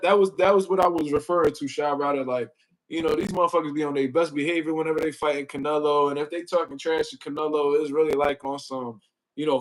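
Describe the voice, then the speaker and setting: Heard through poor audio, a slightly high-voiced man rambles through a relaxed boxing livestream. His talk is profane and slangy, peppered with "you know what I mean," as he greets people in chat and brings his desk mic closer.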